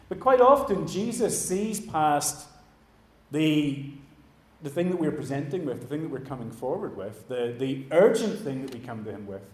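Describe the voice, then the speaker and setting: A man preaching a sermon in a church, animated, acting out the voices he quotes and dropping to a hush at the ends of phrases. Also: medium pitch, normal speed. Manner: animated, acts out quoted voices, trails off quietly. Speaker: pastor. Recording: echoey church room.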